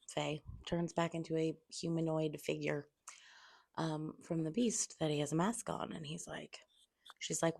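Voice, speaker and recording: A young woman with a low, gravelly voice gives a casual, spoiler-heavy book review from a table at home. She talks bluntly and curses a lot, tossing off quick impressions of the characters. At times her voice sinks to a near-whisper so she doesn't get too loud.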